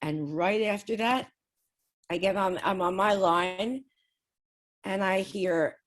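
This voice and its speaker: A woman's voice: mid-range voice, slow pace, pauses often. A woman speaking as an interview guest, telling a personal story in a casual, chatty way with frequent small laughs. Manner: chatty, laughs often between sentences. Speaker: guest describing spirit communication experiments.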